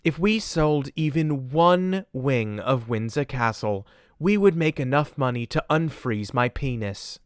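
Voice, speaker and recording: A man doing a clueless young English royal reads his own audiobook in a put-on English accent, solemn and deadpan no matter how absurd the confession. The voice is smooth and clear at an ordinary pitch. The recording is close and dry, like a studio booth. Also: unhurried, no echo, close to an everyday voice. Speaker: comedian. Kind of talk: parody audiobook narration.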